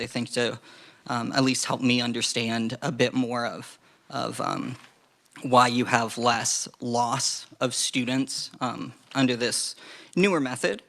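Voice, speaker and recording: A man presenting testimony to a legislative committee, measured and hedging, with frequent fillers. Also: medium pitch, a bit bright.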